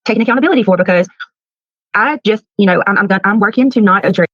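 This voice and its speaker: Earnest woman talking to her viewers fast, muffled lofi audio. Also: mid-range voice, a bit bright, no echo. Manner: measured, earnest, halting restarts. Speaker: content creator. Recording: dull lo-fi clip.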